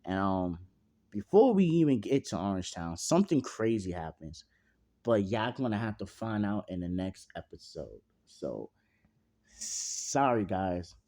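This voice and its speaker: Low-voiced young man rambling through a fan story. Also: big pitch swings, unhurried, warm tone. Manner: rambling, full of fillers and slang, swears freely. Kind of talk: casual improvised story narration. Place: at home.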